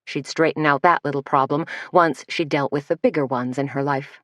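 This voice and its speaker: Woman audiobook narrator, low voice, dry close sound, measured. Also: steady tone, a bit bright, no echo. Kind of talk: scripted narration.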